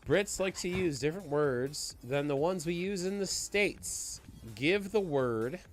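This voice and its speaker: A man hosting a trivia stream in casual chat, joking and explaining the answers in quick bursts. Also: on the high side, lively intonation, soft background music. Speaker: trivia host.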